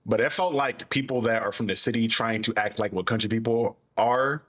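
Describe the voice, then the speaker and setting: A man's voice: mid-range voice, a little fast, a bit bright. A man, a guest in a casual movie discussion, sounding skeptical and swearing freely. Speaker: podcast guest.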